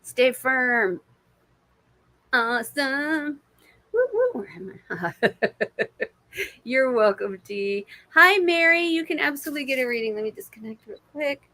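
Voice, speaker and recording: An intuitive reader gives live readings to stream viewers in a slightly high, bright, forceful voice at a measured pace. She's casual and encouraging, swearing plenty and calling people pet names like babe and my friend.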